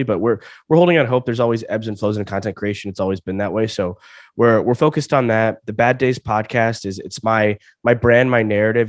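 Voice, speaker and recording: A young man in his twenties from Alabama, a comedian, is a guest on a casual interview while feeling sick. His voice sits on the low side, and he often stammers, restarting and repeating words. The studio sound is clean, with no room sound.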